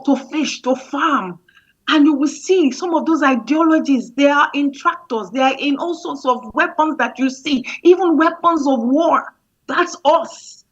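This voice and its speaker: A woman's voice: high voice, highs cut off. A woman giving an impassioned motivational talk over a remote link, often repeating words. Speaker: speaker.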